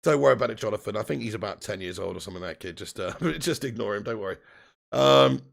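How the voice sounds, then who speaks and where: A man in his thirties hosts a football watch-along stream, reading chat messages aloud in a casual, chatty manner, laughing often and swearing casually. His fairly low voice has vocal fry, and he talks fast with lively intonation.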